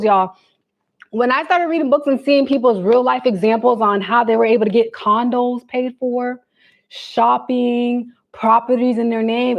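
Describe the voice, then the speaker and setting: A young adult woman hosting a casual livestream, chatting straight to her viewers in animated, slangy talk. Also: fairly high pitch. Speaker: livestream host.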